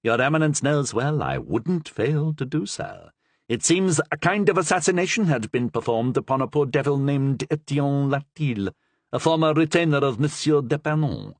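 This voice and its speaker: A man's voice: mid-range voice, very animated, normal speed, no echo, voice pushed up. A man voicing a sly, deferential male Capuchin friar in a storybook reading, talking eagerly.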